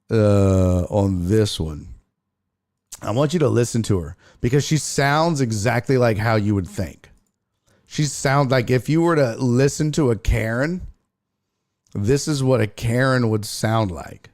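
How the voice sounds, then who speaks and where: A man hosting a casual sports talk stream, swearing freely and reading viewer chat aloud. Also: mid-range voice. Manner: profane, animated, reads chat aloud. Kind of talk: casual livestream commentary.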